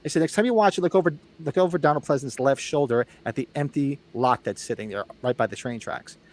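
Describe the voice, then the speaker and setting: A man's voice: mid-range voice, fast, a little mellow. A middle-aged man hosting a live movie watch-along, telling stories and acting out the people in them. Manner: chatty storyteller, acts out quoted exchanges. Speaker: host.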